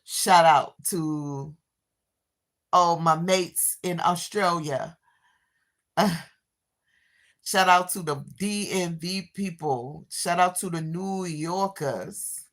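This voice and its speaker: A middle-aged woman with hosts a relaxed livestream, answering her viewers' comments one by one. Her voice sits on the low side and she takes her time with every phrase. She sounds a little tired and congested, and she drops in drawn-out exclamations as she chats. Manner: drawling Southern-style exclamations like "child" and "Lordy days". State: tired, stuffy sinuses. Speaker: livestream host. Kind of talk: casual live chat.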